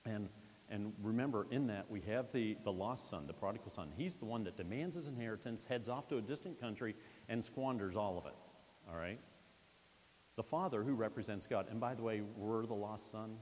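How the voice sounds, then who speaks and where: A man's voice: fairly low pitch, a little fast, a little mellow. A male pastor giving a conversational sermon and checking in with the congregation. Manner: conversational preaching, frequent "all right?" check-ins. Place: church sanctuary. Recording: long hall reverb, faint hiss.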